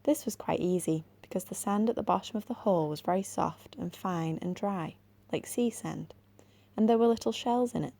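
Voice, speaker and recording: An English woman reads a children's storybook aloud in a gentle, measured way. Her voice is low and carries a gravelly texture. The tone is warm and mellow. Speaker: library assistant.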